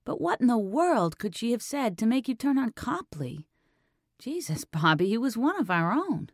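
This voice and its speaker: A man's voice: very high voice, sing-song, moderate pace, no echo, clean studio sound, voice pushed up, full character voice. A man voicing a hard-pressing female detective. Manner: insistent, questioning, exasperated.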